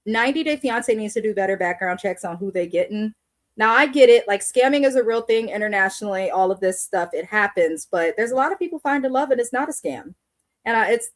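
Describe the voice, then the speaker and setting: Young adult woman, live reaction host; slightly high, blunt, casual, opinionated. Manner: blunt, opinionated, reads chat comments aloud.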